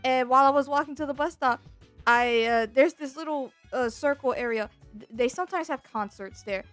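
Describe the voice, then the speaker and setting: A young woman with a notably high voice tells a casual storytime, animated and exasperated, tumbling over fillers and restarts. The sound is dry and close, with faint music underneath. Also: fairly quick, dry recording. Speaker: VTuber streamer.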